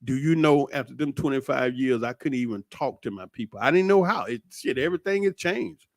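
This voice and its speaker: A middle-aged man, talking in a casual, preachy monologue that is animated and full of swearing. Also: mid-range voice, brisk, no room sound, clean studio sound. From United States. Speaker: commentator.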